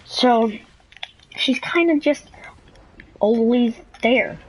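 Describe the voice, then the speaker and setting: A woman's voice: on the high side, very slow, husky, rough recording. A teenage girl telling a rambling, chatty school story to camera, full of fillers and asides. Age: teens. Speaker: student vlogger.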